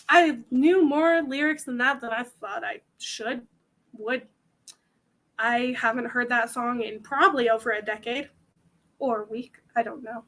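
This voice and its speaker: A woman's voice: on the high side, measured pace, a bit bright. A young woman hosting a convention panel, chatting casually to the audience in a rambling, self-mocking way.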